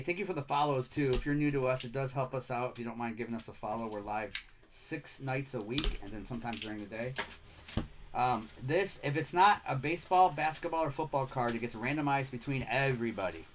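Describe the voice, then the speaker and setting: A middle-aged man from Michigan, speaking with a Michigan accent, hosts a live card-break stream with upbeat, chatty patter as he rattles off player names. His voice sits at a medium pitch and moves at a moderate pace over a noisy background.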